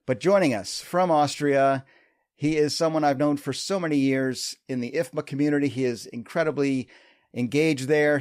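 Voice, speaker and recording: A man's voice: medium pitch, a little mellow. A man hosting a podcast, introducing and chatting with a guest in an enthusiastic, joking way. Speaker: podcast host. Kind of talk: casual interview chat. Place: remote video call.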